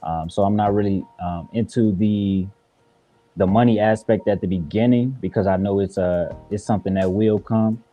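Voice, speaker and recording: A man's voice: lowish voice, fairly even intonation, normal speed, warm tone, lo-fi sound, faint music behind. A man from Chicago, a guest rapper, answering interview questions in an earnest, reflective way with many fillers. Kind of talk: casual interview talk.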